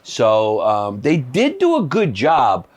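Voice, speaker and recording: A man's voice: medium pitch, wildly swooping pitch, slow. A male comedian in casual chat, telling stories in a laid-back, rambling way. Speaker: comedian guest. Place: small shed.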